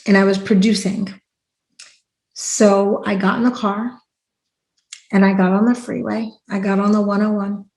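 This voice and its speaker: A woman hosting a podcast in casual chat, telling stories in an animated way and acting out quotes loudly. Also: mid-range voice. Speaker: podcast host. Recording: roomy echo.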